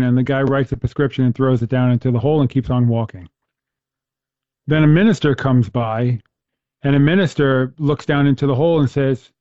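Man, host, earnest storyteller, mellow voice, dry close sound, slightly muffled recording. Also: mid-range voice, fairly quick, no room sound. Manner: earnest, storytelling, with frequent restarts. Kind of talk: casual faith conversation.

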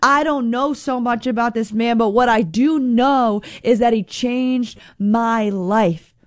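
A woman's voice: on the high side, slow pace, dry recording. A woman giving an earnest faith reflection, repeating lines and acting out quotes in her own voice. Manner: earnest, repetitive, acts out quotes. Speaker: Catholic speaker.

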